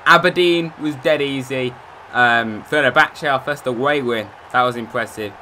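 A man giving casual, excitable commentary over a football video game, swinging between low mutters and loud outbursts. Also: a little hiss or hum. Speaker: gaming YouTuber.

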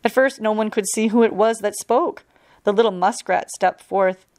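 A woman reads a storybook aloud for children, calm and steady, each sentence clear and unhurried. Her pitch sits in the middle range, plain and even. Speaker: park ranger reading a story.

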